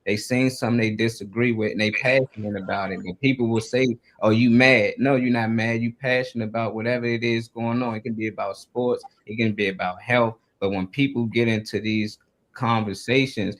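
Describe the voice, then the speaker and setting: A man's voice: on the low side, fairly quick. Man in casual talk-show chat. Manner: animated, acts out yelling coaches and sergeants.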